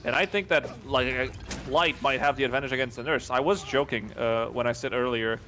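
A man's voice: medium pitch, a little fast, pushed and bright. A man co-casting a tournament live, explaining game mechanics and strategy in an analytical way. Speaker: esports co-caster and analyst. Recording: clear background noise on the mic.

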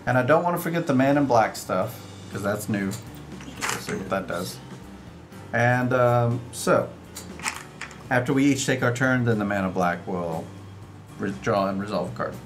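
A man's voice: mid-range voice, lively intonation, normal speed, pauses often. Chatty man explaining game rules over music. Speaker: board game streamer. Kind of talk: casual live-stream rules explanation. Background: upbeat background music.

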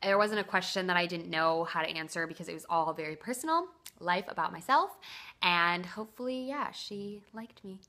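Chatty young woman with a bright voice. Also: fairly low pitch, a little fast. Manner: chatty and excitable, many "like" fillers. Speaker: vlogger. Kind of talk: casual talk to camera. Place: at home, indoors.

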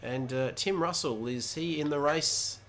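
A man doing energetic, chatty play-by-play commentary for a sim racing league stream, talking into a headset. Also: on the high side, a little slow, a little hiss or hum. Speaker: race commentator.

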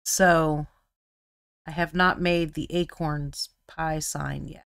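A woman's voice: deep voice, steady tone, slow pace, gravelly, fairly bright tone, clear, resonant tone, no echo, clean studio sound. A woman co-hosting a live miniature painting stream, chatting casually while she paints and gets absorbed in fine details.

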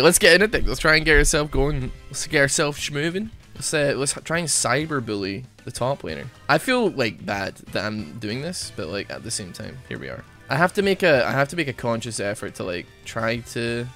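Over quiet background music, a young man streams his gameplay with rambling, self-deprecating jokes. His mid-range voice is very animated and sharp, and he speaks fairly quickly.

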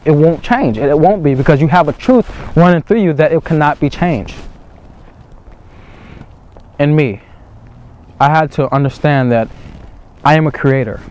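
A man's voice: a little high, a little mellow. Earnest young man giving a pep talk. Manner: earnest, repetitive, swears casually. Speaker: dating coach. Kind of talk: motivational monologue.

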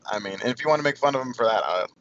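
A man's voice: medium pitch, expressive, rapid-fire, a bit bright. A man co-hosting a casual podcast chat, explaining things at length with lots of hedging. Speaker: podcast co-host. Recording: dull audio with faint hiss.

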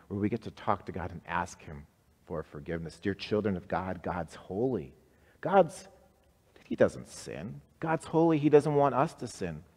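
A man leading a simplified worship service, speaking simply and warmly encouraging listeners to repeat short prayers after him. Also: fairly low pitch. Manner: simple, encouraging, leads call-and-response prayer. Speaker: pastor. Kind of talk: simplified worship service for people with special needs. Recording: live-streamed service with long reverb.

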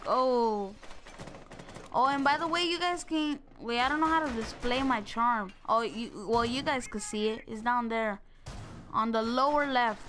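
Excitable young woman gaming. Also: on the high side, unhurried, a little hiss or hum. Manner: excitable, joking, talks straight to viewers. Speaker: gaming video creator. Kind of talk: casual gameplay commentary.

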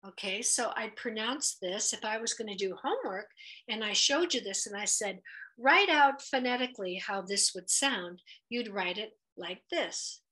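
A woman teaching a Hebrew letters lesson, patient and encouraging, sounding out each letter and vowel slowly. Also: mid-range voice, animated, bright, forceful tone. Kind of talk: children's lesson at a whiteboard.

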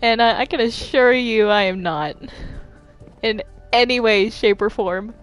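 A woman voicing a smug, teasing female cartoon angel in a Minecraft role-play, sweetly mocking and calling others darling, in a slow, fairly high voice. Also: soft background music, close to an everyday voice.

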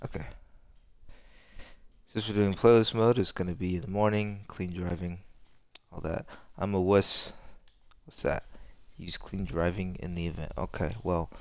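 A man's voice: deep voice, fairly even intonation, measured pace, darkish tone, dry recording. A young man commenting casually over his racing game, rambling and joking at his own expense. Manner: rambling, self-mocking, laughs often. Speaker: gaming streamer. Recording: game music playing behind.

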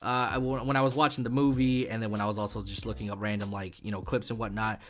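A man's voice: lowish voice, little pitch movement, fast talker, fairly bright tone. A man in his twenties hosting a casual gaming tutorial, rambling and profane, with frequent stumbles and fillers. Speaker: YouTube gaming host.

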